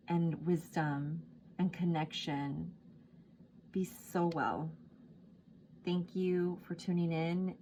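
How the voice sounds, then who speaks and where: A woman speaks slowly in a slightly low voice, reading tarot cards in a casual, gushing way, her talk full of fillers. She sounds moved close to tears. Faint ambient noise sits behind her. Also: warm tone. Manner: gushing, emotional, many fillers like "like" and "um". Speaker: tarot reader.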